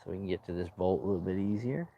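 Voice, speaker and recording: A man's voice: deep voice, racing, mellow, muffled recording. A man talking casually to his viewers while working on his boat outdoors, rambling and joking, calling them dude. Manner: chatty, rambling, says dude a lot. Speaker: boat restoration vlogger.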